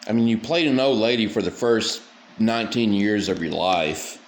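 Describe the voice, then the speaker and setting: A man's voice: on the low side, normal speed, reverberant. A man giving crude, scornful reaction commentary in a ranting manner.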